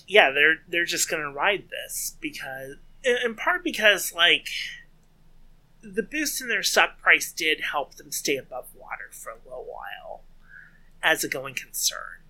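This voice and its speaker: A man's voice: a little high, lively intonation, takes it slowly, pushed and bright, a little hiss or hum, rough recording. A man co-hosting a podcast, mocking the news in a laid-back way and laughing often. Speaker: podcast co-host. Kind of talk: casual news commentary chat.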